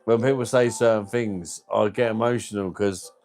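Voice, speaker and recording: A man's voice: fairly low pitch, fairly even intonation, moderate pace, darkish tone, soft background music. A man hosting a casual livestream, chatting with viewers in a matey, open and sometimes emotional way. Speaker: livestream host.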